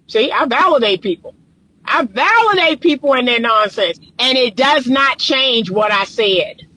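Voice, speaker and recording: A woman's voice: a little high, animated, a little slow, pushed and bright, rough recording. A woman as a relationship coach, talking straight to camera in a casual, emphatic, preachy way and laughing often between points. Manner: casual colloquial talk. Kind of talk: direct-to-camera advice monologue.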